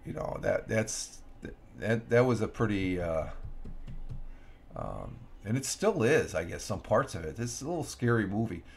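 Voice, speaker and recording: A man's voice: on the low side, big pitch swings, a little slow, vocal fry, darkish tone, slightly rough. A man hosting a casual morning livestream from home, rambling through the day's notes with many restarts and fillers. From Upstate New York. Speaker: livestream host. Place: home room.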